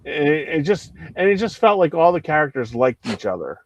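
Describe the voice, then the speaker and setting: A man's voice: a little high, fairly quick. A man co-hosting a casual movie podcast, telling stories animatedly and acting out quotes. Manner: animated storyteller, acts out quotes. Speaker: co-host.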